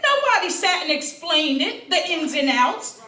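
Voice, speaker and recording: A woman's voice: extremely high pitch, sing-song, normal speed, pushed and bright, distant mic. A middle-aged woman, a grieving mother, giving impassioned public testimony at a town hall, emphatic and full of rhetorical questions. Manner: emphatic, rhetorical questions, quotes opponents mockingly. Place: town hall meeting room. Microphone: distant room mic. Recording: echoey hall, speaker heard from afar. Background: faint crowd murmur.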